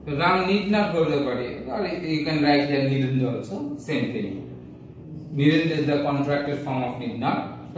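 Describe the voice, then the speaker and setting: A man with an Indian English accent teaching a grammar lesson, explaining slowly step by step with fillers and self-corrections. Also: a little high, slight background noise. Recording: very echoey room, distant from the mic.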